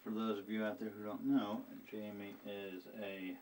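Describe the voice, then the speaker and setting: A man live streaming while he edits video, talking to himself in an excitable, offhand way. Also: on the low side, normal speed, slight background noise, rough recording. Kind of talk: casual live-stream commentary.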